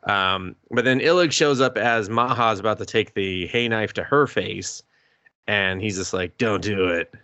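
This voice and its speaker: Low-voiced man rambling through a recap. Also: measured pace, sharp tone, smooth, dry recording. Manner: rambling, loose, lots of fillers and swearing. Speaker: podcast co-host. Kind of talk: casual chat recapping anime episodes.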